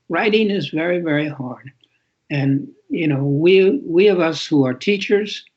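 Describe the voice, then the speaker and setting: This New York City author, a man in his eighties, sounds a little high and husky as he speaks reflectively as an interview guest. He tends to repeat words to stress them, and the audio is lo-fi and muffled.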